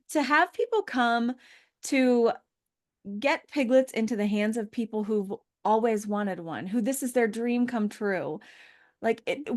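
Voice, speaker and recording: A woman pig breeder chatting casually and enthusiastically, often agreeing. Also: a little high. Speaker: pig breeder, podcast host. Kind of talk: casual chat.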